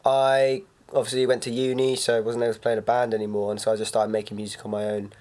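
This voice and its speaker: A man's voice: medium pitch, little pitch movement, fast, a little mellow. Young guy, mid voice, chill storyteller on a podcast. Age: young adult. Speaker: podcast co-host. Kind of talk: casual chat.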